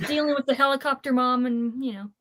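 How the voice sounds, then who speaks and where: A woman's voice: sits high, fairly even intonation, quick pace, fairly bright tone, dry recording. A woman on a casual book club panel, speaking hesitantly with fillers and repeated words.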